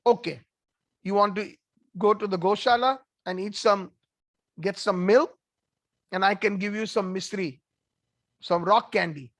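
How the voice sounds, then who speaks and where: A man voicing a gentle, caring father figure who coaxes a small child in a devotional story. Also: sits high, measured pace, long pauses. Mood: coaxing.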